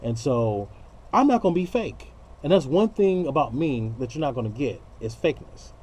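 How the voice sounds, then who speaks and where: A man's voice: medium pitch, sing-song, normal speed, darkish tone, a little hiss or hum. A man ranting straight to camera in an unscripted vlog, blunt, profane and slangy, preaching about love. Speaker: vlogger.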